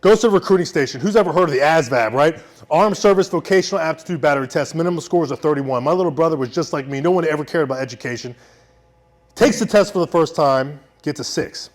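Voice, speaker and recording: A young man telling a personal story on stage, intense, swinging from loud shouting to hushed quiet. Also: a little high, fast. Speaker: veteran storyteller.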